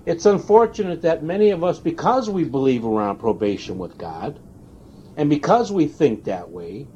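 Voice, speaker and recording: A man preaching a sermon, stressing single words and pausing for weight. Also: fairly high pitch, sing-song, darkish tone, slight background noise. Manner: emphatic, stressing single words with long pauses. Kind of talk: recorded sermon. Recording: dull lo-fi tape recording.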